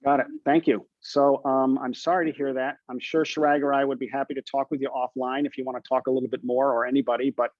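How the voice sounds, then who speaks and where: A man's voice: medium pitch, little pitch movement, fast, few pauses, dry recording. Encouraging male coach on a group call, medium voice, dull and dry sound. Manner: encouraging, asks the group questions. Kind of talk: coaching session talk.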